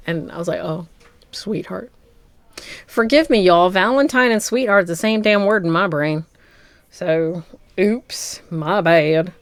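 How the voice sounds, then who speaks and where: Woman rambling about movies with a low voice, dry close sound, laughs a lot. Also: no echo. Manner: rambling, playful, laughs often. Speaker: podcast co-host. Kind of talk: casual chat.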